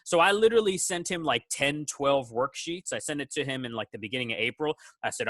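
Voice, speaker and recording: A male teacher speaks over a video call, his voice bright and forward. The sound is dry and close, with little room in it, and he praises each student in turn with lively, quoted asides. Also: medium pitch, fast, hardly any pauses, dry recording. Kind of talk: casual award speech on a video call.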